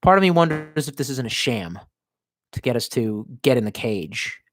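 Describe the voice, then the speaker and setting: A man from the United States streaming from his basement, reading chat aloud and ranting with profanity, talking to himself and breaking into sudden yells. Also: mid-range voice, animated, normal speed, dry recording, studio quality. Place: home basement room.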